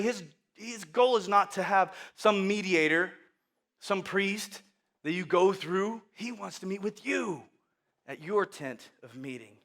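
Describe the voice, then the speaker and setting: A man preaching a sermon, telling the story with lively acted voices and sudden loud outbursts. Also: sits high, normal speed, vocal fry. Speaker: pastor.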